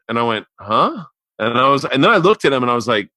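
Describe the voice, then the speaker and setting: A man hosting a podcast, telling stories in a bright, forceful voice. He acts out every quoted line and swings from low mutters up to near-shouting. The sound is dry and close to the mic. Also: fast, no echo. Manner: animated storyteller, acts out quotes and jumps to near-yelling. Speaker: podcast host. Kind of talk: casual podcast chat.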